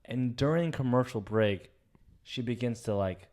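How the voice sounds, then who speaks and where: A young man casually telling a story on a podcast, animated and swearing freely, jumping up in pitch when excited. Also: a little slow. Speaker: podcast co-host.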